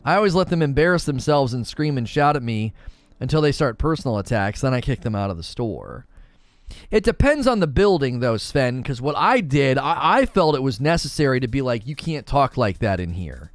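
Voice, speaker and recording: A man's voice: mid-range voice, fairly quick, dry recording. A man hosting a live gaming talk show, ranting with emphatic opinions. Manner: animated, emphatic opinion rant.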